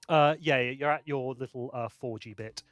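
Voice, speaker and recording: A man running a tabletop game as game master, narrating with halting restarts. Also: medium pitch, fairly bright tone, no echo.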